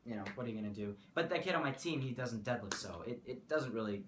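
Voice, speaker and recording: A man's voice: mid-range voice, animated, fast talker. A teenage boy from the United States chatting casually in a vlog, rambling and correcting himself as he goes. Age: teens. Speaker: vlogger. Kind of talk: casual talking-head vlog. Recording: echoey room, faint room noise.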